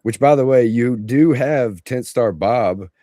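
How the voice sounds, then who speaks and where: A man chatting on a podcast as a guest, telling animated stories and swearing freely. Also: medium pitch, a little slow, dry recording, studio quality. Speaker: podcast guest, tint instructor. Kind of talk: casual chat.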